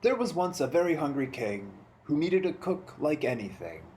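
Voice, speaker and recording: A library storytime host reading a picture book aloud, expressive with dramatic pauses. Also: medium pitch. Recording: roomy echo, faint background noise.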